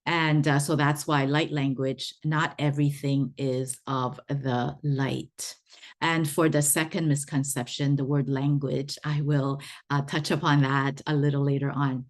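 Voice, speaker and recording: Slow low-voiced woman teaching. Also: level tone. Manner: chatty, repeats words for emphasis. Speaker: spiritual teacher. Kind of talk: explanatory online talk.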